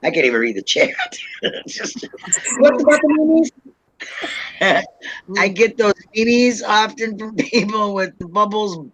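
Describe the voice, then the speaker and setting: A woman's voice: medium pitch, sing-song, measured pace, pauses often, slightly rough, dry recording, dull audio. A woman hosting a casual livestream chat, tipsy from wine, rambling and laughing often. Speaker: livestream host.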